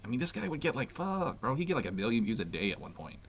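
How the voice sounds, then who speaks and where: A man's voice: medium pitch, very animated, quick pace, a crowd in the background. A man ranting in a brash, slangy way, saying "bro" often. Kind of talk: casual rant. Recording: dull lo-fi clip with faint noise.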